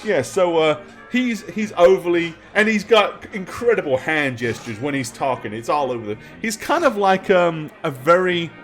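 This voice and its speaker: A man running a tabletop horror game, chatty and rambling, with a fairly high voice. Faint music plays under his narration throughout. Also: very animated, moderate pace, hardly any pauses, a bit bright. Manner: chatty, rambling, laughs often. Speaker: game master.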